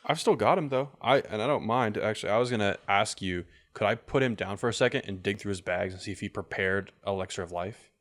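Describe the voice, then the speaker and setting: A man's voice: fairly low pitch, fast talker, a bit bright. A man playing a tabletop game, casually describing what his character does. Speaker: player.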